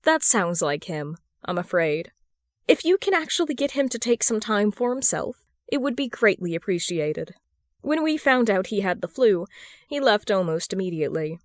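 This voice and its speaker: A courteous, formal older gentleman with a slight accent, read by a woman. He speaks with measured politeness, and the recording is dry and close with no room sound. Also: medium pitch, sing-song, dry recording, lightly acted. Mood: resigned.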